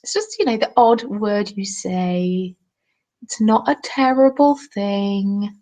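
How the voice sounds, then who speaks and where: A woman's voice: mid-range voice, slow, dark tone, poor audio. A young woman hosting a crafting live stream, chatting casually and reading viewers' comments with self-deprecating, apologetic asides. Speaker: crafting livestream host.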